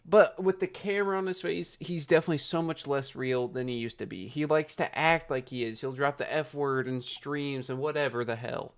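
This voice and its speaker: A man's voice: fairly high pitch, normal speed, few pauses. A young man talking straight to camera late at night, rambling and frustrated, swearing freely as he rants about his online community. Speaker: YouTuber. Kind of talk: late-night casual vlog rant.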